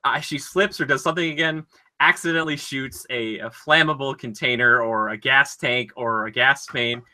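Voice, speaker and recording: A man co-hosts a casual chat podcast. His voice is very bright and forward. He talks in an animated, rambling flow full of "uh" and "like" as he retells things. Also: mid-range voice, moderate pace. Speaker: podcast co-host.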